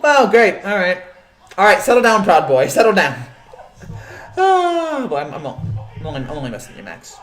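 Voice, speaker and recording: Male sports-stream host, lively pitch, rambling banter, echoey room. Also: fast talker. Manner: rambling, joking, many restarts and fillers. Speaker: sports show host reading live chat. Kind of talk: casual live-stream chat.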